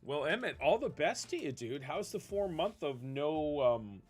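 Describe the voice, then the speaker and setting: Upbeat, lively game streamer man. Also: on the high side, a little slow, breathy edge, faint music behind. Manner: enthusiastic, rambling, reads chat questions aloud. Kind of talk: casual chat with live viewers while gaming.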